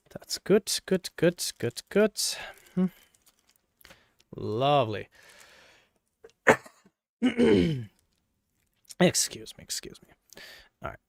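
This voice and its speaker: A man with a gravelly, creaky edge to his voice, chatting casually and playfully as he works through a hands-on build. He jokes with his viewers and mutters to himself along the way. The sound is dry and close, with no room echo. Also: mid-range voice. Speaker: PC hardware video creator. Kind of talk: casual running commentary while working.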